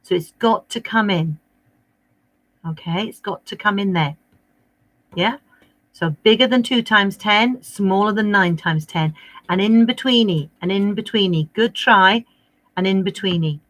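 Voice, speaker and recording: A woman's voice: medium pitch, measured pace, fairly bright tone, no room sound. A woman teaching a livestreamed maths lesson to young children, cheery and coaxing in a sing-song teacher voice. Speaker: primary school maths teacher.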